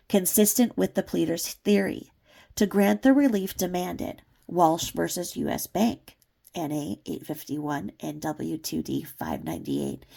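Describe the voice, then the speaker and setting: Reading through a court filing, this woman recites the legal citations in a gravelly, warm voice on the low side. She interrupts herself periodically with sarcastic remarks and laughter.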